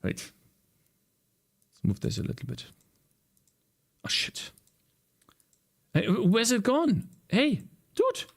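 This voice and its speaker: A man's voice: very high-pitched, huge pitch swings, slow, creaky, pauses often. A man developing a game while talking to himself, frustrated and swearing, his voice strained from screaming. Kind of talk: casual livestream coding commentary.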